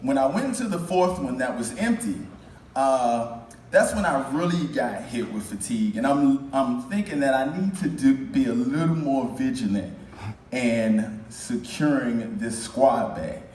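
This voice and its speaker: A man telling a funny personal story on stage at a live event, halting and repeating words, self-mocking, recorded in an echoey hall from a distance. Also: mid-range voice, lively intonation, darkish tone. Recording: echoey hall, mic at a distance, faint noise.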